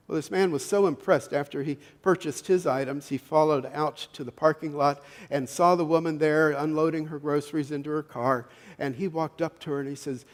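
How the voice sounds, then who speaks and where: Middle-aged pastor in a reverberant church. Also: male voice, fairly high pitch. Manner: folksy, halting, with many restarts. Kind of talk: sermon with storytelling. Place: church sanctuary.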